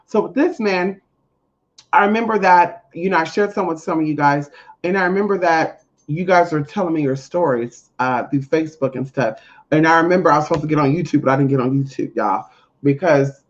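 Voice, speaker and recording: A spiritual reader in a casual monologue to viewers, blunt, profane and emphatic, with big swings in pitch. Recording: dull lo-fi audio.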